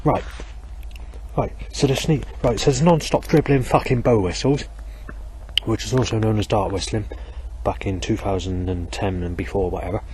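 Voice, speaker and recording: Furious profane man, low voice, rambling street rant into a handheld recorder, faint night ambience behind. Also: normal speed, a little mellow, a little hiss or hum. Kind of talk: angry rambling monologue. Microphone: handheld digital audio recorder.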